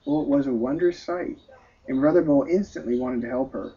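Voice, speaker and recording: A man's voice: medium pitch, fairly quick, mellow, husky. A man narrating a story in an emotive, sighing storytelling manner. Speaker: story reader. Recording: dull lo-fi recording.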